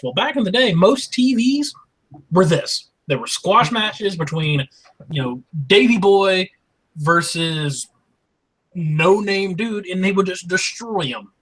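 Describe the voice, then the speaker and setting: Male co-host, husky, fairly high voice, blunt and sarcastic. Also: expressive, brisk, fairly bright tone, low-quality recording. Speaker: wrestling show co-host. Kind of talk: casual podcast chat.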